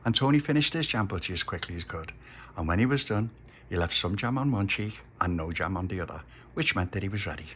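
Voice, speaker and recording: Lively man telling a story. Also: sits low, fast talker, slight background noise. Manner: lively, folksy.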